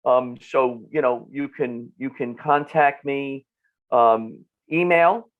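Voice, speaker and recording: A man in his fifties with a North Jersey accent, a nutritionist guest talking in an animated way and often repeating words. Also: mid-range voice, slow, narrow, tinny audio. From New Jersey. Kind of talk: casual podcast interview.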